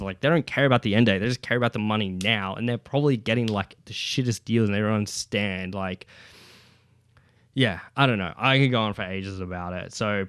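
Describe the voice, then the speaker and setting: Recorded with clean studio sound and no echo, this man has a clear, medium-pitched voice. He hosts a casual solo podcast from his home while his child is close by, speaking into a podcast mic, rambling, cursing openly, and filling gaps with lots of fillers.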